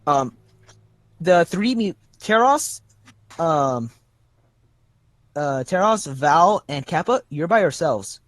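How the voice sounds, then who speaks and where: A young man with a fairly high voice runs a tabletop game, describing scenes in a halting way, full of little restarts. He stops often to rephrase. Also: big pitch swings, no room sound. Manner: halting, many restarts and fillers. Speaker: game master.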